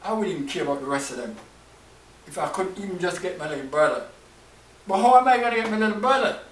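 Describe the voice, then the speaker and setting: A man's voice: a little high, animated, quick pace, fairly bright tone. A male preacher voicing an emotional biblical man torn over his brothers, speaking in a pleading, impassioned way. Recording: roomy, distant mic, faint hiss.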